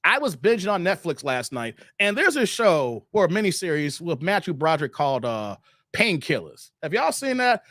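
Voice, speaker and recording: A man hosting a casual live stream, reading viewer comments and ranting in an animated, joking way with frequent laughter. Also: a little high, moderate pace, no echo, clean studio sound.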